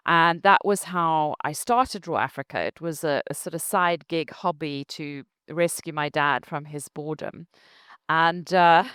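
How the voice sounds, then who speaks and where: A middle-aged woman from Zimbabwe with a Zimbabwean accent, a company founder telling her story in an interview, animated and laughing often. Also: deep voice, smooth, no echo.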